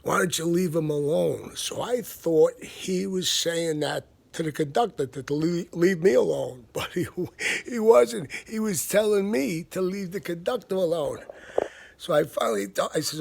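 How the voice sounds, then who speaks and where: A man's voice: fairly high pitch, normal speed, a little mellow. A man, telling a story in a blunt, profane, casual rant. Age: 50s. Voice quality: gravelly, husky. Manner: profane, blunt, laughs between lines.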